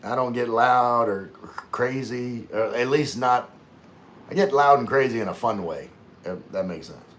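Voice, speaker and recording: A man's voice: mid-range voice, normal speed, a bit bright. A man hosting a casual livestream, reading viewer comments aloud and chatting in a rambling way, often losing his train of thought.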